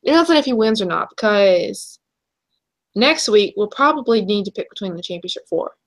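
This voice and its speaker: A young woman co-hosting a casual chat show, chatty and quick to laugh. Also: medium pitch, expressive. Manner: chatty, laughs easily, trails off and restarts. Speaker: podcast co-host.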